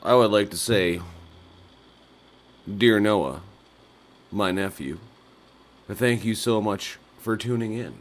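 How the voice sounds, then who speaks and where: A man's voice: fairly low pitch, slow pace, long pauses. A man hosting a nightly call-in livestream, rambling through absurd jokes and laughing at his own bits. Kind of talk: rambling absurdist live-stream chat.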